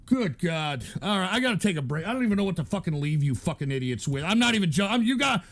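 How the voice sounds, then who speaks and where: A man's voice: high-pitched, very animated, quick pace, few pauses. A man hosting a show, ranting angrily at his chat in a profane, stammering way, with frequent restarts. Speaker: show host. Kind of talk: angry rant at chat.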